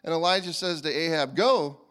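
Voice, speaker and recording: A male pastor preaching a sermon in a casual, animated way, often restarting his sentences. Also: sits high, moderate pace. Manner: animated and informal, with frequent restarts. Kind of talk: conversational sermon.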